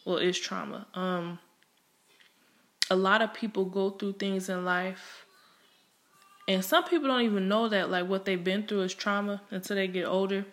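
A woman's voice: medium pitch, fairly even intonation, moderate pace, a bit bright. A young woman speaks openly and bluntly about her own life, in a loose, conversational flow. She leans on fillers and restarts, swears without holding back, and pushes hard on the points she cares about. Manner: frank and emphatic, with heavy cursing. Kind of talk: candid personal monologue.

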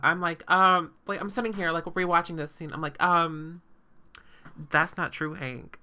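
A woman's voice: on the low side, fairly even intonation, unhurried, pushed and bright, clean tone. A woman hosting a podcast, recapping a show in casual, sarcastic chat full of fillers and swearing.

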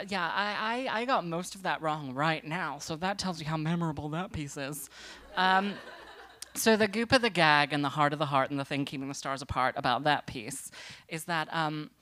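A woman's voice: sits low, pushed and bright. A woman harpist doing comedic stage banter between songs, sardonic and self-deprecating, with rambling asides. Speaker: harpist and songwriter.

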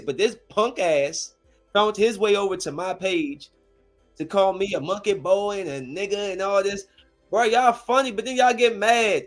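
A man in his thirties, a streamer, delivering a heated, profane, confrontational rant to his viewers. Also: sits high. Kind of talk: angry rant to camera.

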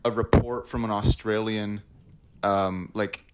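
A young man co-hosting a podcast, rambling in a relaxed chat with many fillers and frequent laughs. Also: fairly low pitch, a little slow, heavy background noise. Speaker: podcast co-host. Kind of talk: casual chat.

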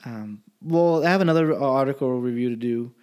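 A man's voice: mid-range voice, brisk, warm tone, clean tone. A young man, a college student, in a rambling, profane casual chat. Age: young adult.

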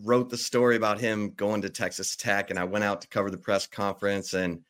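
A man hosting a sports talk show, telling stories lively and acting out what others said. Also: on the low side, a little fast. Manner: animated storyteller, acts out quotes. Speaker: sports radio host. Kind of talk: casual chat.

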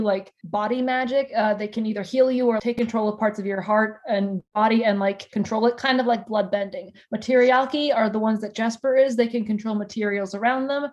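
A woman's voice: a little high, darkish tone, dull audio. A woman in casual fan discussion, explaining lore and ranting with mock indignation.

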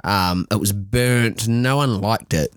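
A man with a New Zealand accent co-hosting a podcast, telling lively stories in casual chat and swearing freely. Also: lowish voice, slow, clear, resonant tone, no room sound, studio quality. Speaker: podcast co-host. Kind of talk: casual chat over beers.

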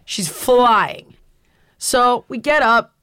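A woman's voice: fairly high pitch, very slow, clean tone, no room sound, clean studio sound. A middle-aged woman hosting a podcast, telling a story in casual chat and acting out what people said. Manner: animated storyteller, acts out quotes. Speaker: podcast host.

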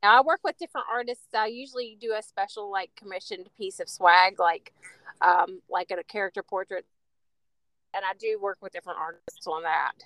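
A woman author chatting as an interview guest, bubbly, laughing often and filling pauses with "like". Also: mid-range voice, a bit bright, no room sound, low-quality recording. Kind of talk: casual interview chat.

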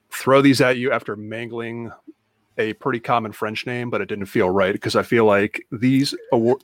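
A man's voice: on the low side, no echo, studio quality. A man on a casual sneaker podcast, teasing a co-host with a mock-ceremonial award speech.

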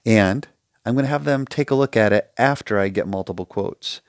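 A man with a low, gravelly voice hosts a solo advice podcast. He talks with emphatic passion and acts out quick back-and-forth exchanges. The recording is dry and close, with no room sound. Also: dry recording. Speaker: podcast host.

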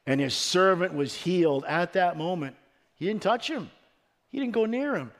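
A man giving a sermon as pastor, earnest and emphatic, his delivery swelling and then dropping low, with the odd stumbling restart. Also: expressive, moderate pace.

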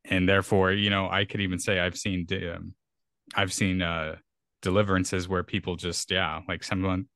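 Earnest deep-voiced man, rambling podcast talk. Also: little pitch movement, normal speed, fairly bright tone, no echo, clean studio sound. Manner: earnest, rambling with frequent restarts. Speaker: podcast co-host. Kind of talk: casual conversational discussion.

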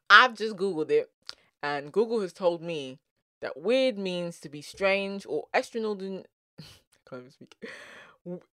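A young adult vlogger with a South London accent, talking to the camera in a chatty, animated way, laughing often and wandering into asides. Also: mid-range voice, no echo, studio quality. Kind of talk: casual vlog monologue.

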